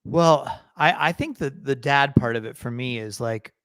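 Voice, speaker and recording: A man's voice: mid-range voice, normal speed, fairly bright tone, clean tone, no room sound. A man co-hosting a casual podcast, rambling along and correcting himself as he goes. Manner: rambling, self-correcting, laughs easily. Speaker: podcast co-host.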